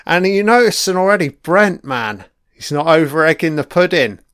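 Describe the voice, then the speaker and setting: A man's voice: fairly high pitch, expressive, moderate pace, a bit bright, smooth, dry recording, studio quality. A man giving crude, profane live reaction commentary while watching an episode. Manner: crude, profane running remarks.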